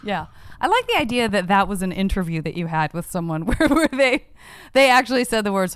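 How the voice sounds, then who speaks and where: A woman's voice: mid-range voice, very animated, a little fast, clean tone, no echo. A woman hosting a podcast, talking casually and earnestly, close to tears as she thanks listeners. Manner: earnest, gets emotional, chatty. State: tearful. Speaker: podcast host. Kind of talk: casual interview and member appeal.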